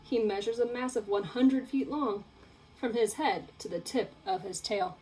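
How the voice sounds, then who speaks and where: A young woman teacher reading a picture book aloud to children, in an expressive, playful storytelling way. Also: medium pitch, moderate pace, slight background noise, rough recording.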